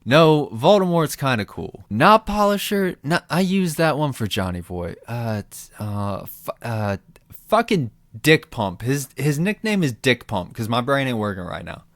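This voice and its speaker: A man's voice: medium pitch, very animated, measured pace, a bit bright, dry recording. A man ranting about fantasy lore in a sarcastic, profane, comedic commentary style.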